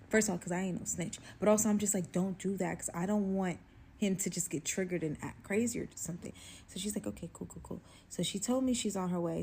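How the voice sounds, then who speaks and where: A woman's voice: fairly low pitch, gravelly, dark tone, slight background noise. A young adult woman recounting a personal story in a casual vlog, rambling and filler-heavy.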